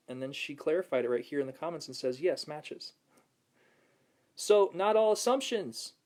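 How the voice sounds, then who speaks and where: A man's voice: mid-range voice, a little mellow. A man hosting a casual motivational video, reading viewer comments aloud and laughing often as he talks. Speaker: host of a self-help video. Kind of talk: casual motivational talk to camera.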